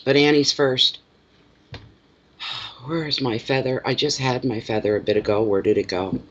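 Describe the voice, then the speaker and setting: A man's voice: mid-range voice, steady tone, measured pace, a bit bright. A man with a stuffy nose, rambling to himself while he gets ready for a casual card reading. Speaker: card reader. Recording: lo-fi with clear background noise.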